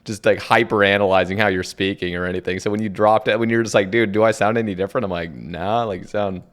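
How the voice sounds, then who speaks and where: A young man from Oregon hosts a podcast in a low, relaxed voice. He talks casually, swears freely and laughs easily. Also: fast. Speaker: podcast host. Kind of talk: casual chat.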